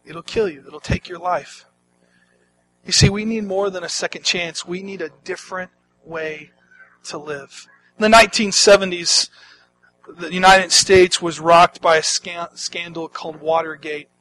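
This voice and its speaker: Male pastor, sermon, dramatic delivery, high voice. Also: steady tone, measured pace, rough recording. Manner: dramatic, swings from hushed to loud.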